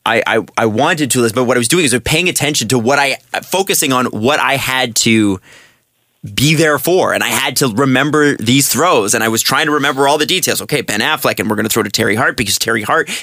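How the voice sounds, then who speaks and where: A man co-hosting a casual podcast chat, an animated storyteller who laughs often. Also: mid-range voice, a little fast, no echo, studio quality. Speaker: co-host.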